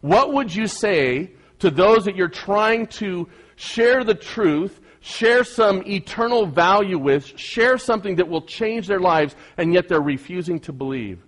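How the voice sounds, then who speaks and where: A middle-aged man delivers a sermon with earnest, emphatic conviction. His voice sits a little higher than most men's, and he leans on repeated phrases to drive points home. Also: animated, unhurried, hardly any pauses. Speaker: pastor.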